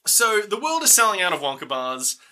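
A young man co-hosts a loose film-recap chat, joking and filling his talk with likes. His voice sits high and swings all over. The tone is very bright and edgy. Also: brisk. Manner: animated, jokey, uses lots of fillers. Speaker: podcast co-host.

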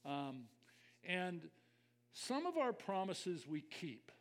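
A man's voice: high voice, very animated, takes it slowly. An older man preaching a conversational sermon as a pastor, reflective and personal, speaking straight to his listeners.

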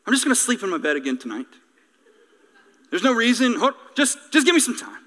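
A man's voice: extremely high pitch, sing-song, brisk, pushed and bright, long reverb tail, voice pushed up, full character voice. A dad playing a whiny stalling boy. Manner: whiny, protesting.

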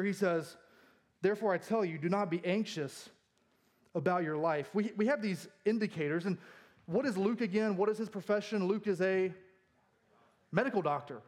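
A man preaching a sermon in a church, joking and laughing often as he talks about fear and anxiety. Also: sits high. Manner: jokey, self-deprecating, laughs often. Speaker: pastor. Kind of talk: humorous sermon.

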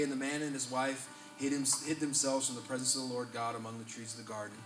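A man preaching a sermon to a live gathering. He reads scripture aloud and builds to loud, emphatic peaks. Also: mid-range voice, flat delivery, fast talker, hardly any pauses. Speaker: pastor. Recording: roomy hall, distant mic, live guitar behind. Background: soft guitar playing.

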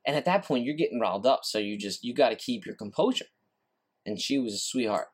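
A man's voice: medium pitch, lively intonation, brisk, breathy edge. A man hosting a solo podcast, ranting in a frustrated, repetitive way and swearing casually. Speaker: podcast host.

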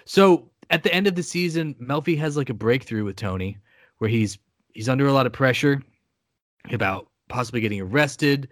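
A podcast co-host steers a casual chat in a laid-back, wry manner. His mid-range voice is expressive and moves at a normal speed, captured dry with clean studio sound.

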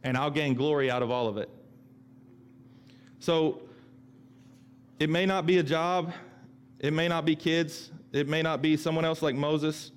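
A man's voice: a little high, fairly even intonation, a little slow, pauses often, clear, resonant tone. A middle-aged male pastor preaching a sermon in a conversational way, often repeating himself and acting out the voices he quotes.

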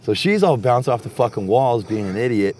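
Over slight background noise, a young man with a medium-pitched voice tells a meandering, curse-heavy story a little fast. Chatting casually and animatedly, he acts out the quotes of the people involved.

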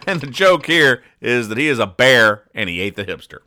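A man hosting a comedy podcast, reading newspaper comics aloud and explaining the jokes in a rambling, deadpan way. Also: medium pitch, moderate pace, few pauses, slight background noise. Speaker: podcast host.

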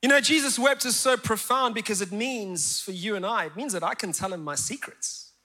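A male preacher with a strikingly high, sharp, bright voice delivers an impassioned sermon. His delivery jumps from fervent outbursts to quiet, intimate confession. A long church-hall reverb trails every phrase. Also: moderate pace, husky. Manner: impassioned preaching with sudden swings from shouts to hushed confession. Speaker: pastor.

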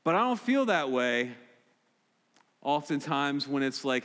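Preaching in a church sanctuary, this pastor has a mid-range, sing-song voice with a fairly bright tone and a slightly slow pace. His sermon is direct and emphatic, circling back to key points, and a long hall reverb trails his words.

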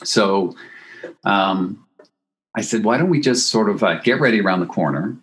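A man, a photographer being interviewed, telling a story in a casual, animated way and acting out what people said. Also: fairly low pitch, moderate pace, rough recording. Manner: animated anecdote-telling with acted-out quotes. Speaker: photographer guest.

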